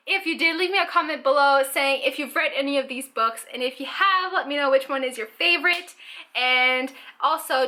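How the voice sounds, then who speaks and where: A young woman from Canada talks through a casual book haul vlog. Her voice sits high and sounds sharp and bright. She chats eagerly, full of likes and ums. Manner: chatty, enthusiastic, lots of fillers. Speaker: book vlogger.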